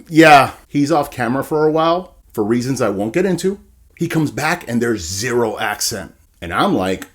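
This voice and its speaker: Animated man reviewing a film. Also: medium pitch, moderate pace. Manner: wry, animated storytelling. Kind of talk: casual movie review monologue.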